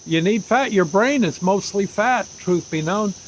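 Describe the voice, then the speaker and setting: A gruff, commanding old Army doctor, blunt and folksy, his voice pitched a notch higher than normal speech, as a man in his seventies puts him on. Faint crickets chirp in the background. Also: animated, measured pace, a little hiss or hum, rough recording. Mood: bossy. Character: blunt older male ex-Army doctor, bossy.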